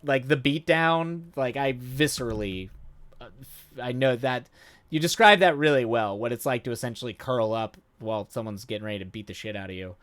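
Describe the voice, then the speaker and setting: A man streaming live, reading a story aloud and breaking off into excited, rambling commentary. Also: medium pitch, moderate pace, dry recording. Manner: enthusiastic, rambling commentary with many fillers and restarts.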